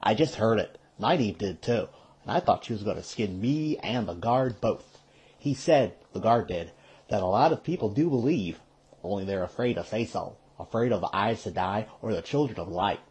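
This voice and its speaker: Guy doing a young village dude, uneasy and kinda hushed, husky voice. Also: fairly low pitch, lively intonation, moderate pace.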